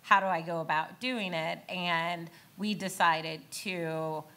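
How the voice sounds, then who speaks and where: A woman on a panel speaking as a storyteller and founder, in a lively, self-aware way. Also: lowish voice, slow pace. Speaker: panelist, founder of an advocacy group. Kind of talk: panel talk.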